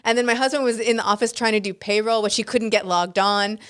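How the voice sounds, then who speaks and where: A woman guest in a casual interview, chatty and animated, full of fillers and restarts, acting out the people in her stories. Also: mid-range voice, fast, clear, resonant tone. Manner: animated, acts out quoted people.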